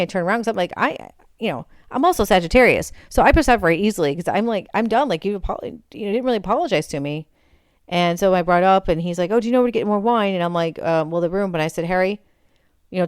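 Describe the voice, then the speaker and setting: Woman, 40s, low-ish smooth voice, dry close mic, chatty rambling storyteller. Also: no room sound. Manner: rambling, self-correcting, animated. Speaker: vlogger. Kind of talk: casual storytelling chat.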